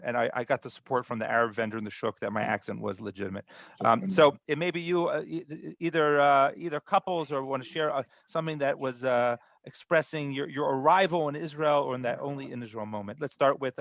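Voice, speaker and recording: Halting man hosting a video call. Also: medium pitch, gravelly, fairly bright tone, no room sound. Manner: halting, many restarts and fillers. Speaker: host.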